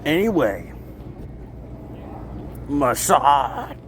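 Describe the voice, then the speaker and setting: A man rambling in a street vlog, laughing and breaking into shouted bursts. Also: mid-range voice, big pitch swings, extremely slow. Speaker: vlogger. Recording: faint street noise outdoors.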